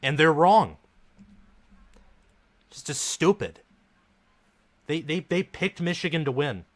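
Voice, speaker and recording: Male live stream host with a bright, forceful voice, commenting on a game as a gloomy, frustrated fan. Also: on the high side, expressive, takes it slowly. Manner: frustrated, dejected fan talk.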